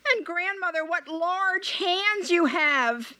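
A woman voicing a young innocent girl in a storybook, speaking slowly and sweetly. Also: very high voice, lively intonation, pushed and bright, no room sound, pitched above the performer's own voice, exaggerated voice. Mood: wondering.

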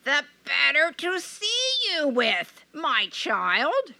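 Woman doing a scheming fairy-tale wolf in grandma disguise: slow, creeping, high and lively. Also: vocal fry, no echo, exaggerated voice. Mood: sly. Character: big bad male wolf disguised as grandmother.

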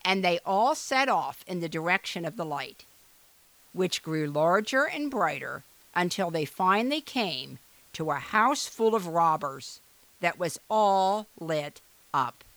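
Animated woman reading a storybook. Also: lowish voice, measured pace, no echo. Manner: expressive, animated. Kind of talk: storybook read-aloud.

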